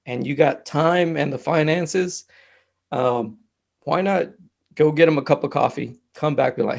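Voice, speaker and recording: Male guest, slightly higher pitch, gravelly, easygoing chat with lots of "you know"s. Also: measured pace. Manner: relaxed, conversational, many fillers. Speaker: mental health technician guest. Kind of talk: casual conversation.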